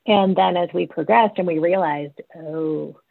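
A woman's voice: fairly low pitch, slow, vocal fry, dry recording. A woman hosting a podcast, chatting in a friendly storytelling way over a tinny, phone-like line. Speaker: podcast host. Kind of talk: podcast conversation.

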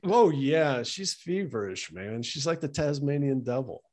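A man co-hosting a casual chat, relaxed and rambling with lots of "um" and "like". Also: medium pitch, measured pace. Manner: relaxed, rambling, many fillers like "um" and "like". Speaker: podcast co-host.

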